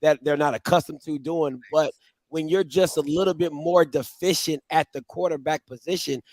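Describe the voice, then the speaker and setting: A man's voice: on the high side, no room sound. A man hosting a sports talk show, talking emphatically about football and repeating phrases for emphasis. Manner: emphatic, leans on "listen" and "at the end of the day". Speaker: show host.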